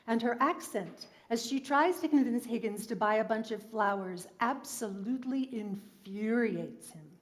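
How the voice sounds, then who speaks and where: A woman from New York City, a singer and cabaret performer, telling a story between show tunes in a measured, articulate way. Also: on the high side, darkish tone. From New York City, USA.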